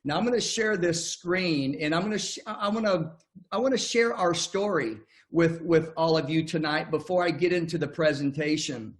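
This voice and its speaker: Folksy older man giving a pitch. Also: normal speed. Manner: folksy, storytelling, many restarts. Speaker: network marketing presenter. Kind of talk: online business presentation.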